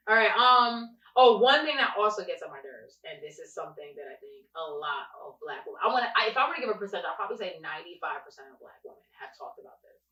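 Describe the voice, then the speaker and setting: A young adult woman co-hosting a casual podcast, telling stories with animated emphasis. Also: medium pitch, fast, few pauses. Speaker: podcast co-host. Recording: echoey room, distant and dull mic.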